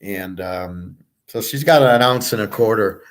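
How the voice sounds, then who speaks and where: A man's voice: on the low side, measured pace. Rambling, blunt man talking casually. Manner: rambling, blunt, swears freely, many fillers. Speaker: host of a picks and markets channel.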